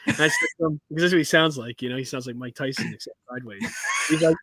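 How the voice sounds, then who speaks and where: Man, high voice, very lively pitch, dry close sound, animated swearing storyteller. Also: very fast, no echo. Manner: animated storyteller, swears freely, loud outbursts. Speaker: co-host. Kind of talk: casual podcast chat.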